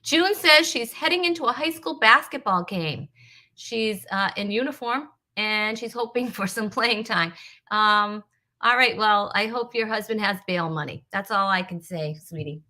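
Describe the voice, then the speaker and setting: Bright-voiced, chatty woman hosting a comedy stream. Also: mid-range voice, normal speed. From Rhode Island. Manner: chatty, teasing, rambling with fillers. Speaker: host.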